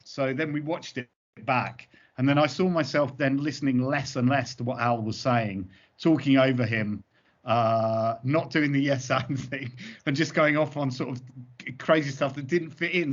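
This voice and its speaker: A male comedy performer giving interview answers as an animated, rambling storyteller. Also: mid-range voice. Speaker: comedy double-act performer. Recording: dull lo-fi recording.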